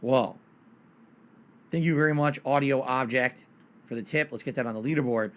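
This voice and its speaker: A man's voice: mid-range voice, normal speed. A man streaming games live, chatting casually and ranting bluntly with plenty of swearing. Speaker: game streamer.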